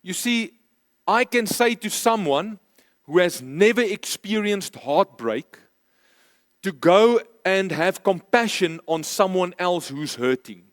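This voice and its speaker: Pastor, male, high voice, slow emphatic sermon delivery, dry close sound. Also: expressive, no echo. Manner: emphatic, repeats key phrases, slows for stress. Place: church.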